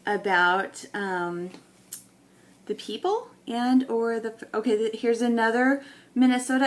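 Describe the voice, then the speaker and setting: A woman's voice: mid-range voice, a little hiss or hum. Woman thinking aloud while sorting photos. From New England. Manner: thinking aloud, unhurried, with many ums. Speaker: scrapbooking video maker.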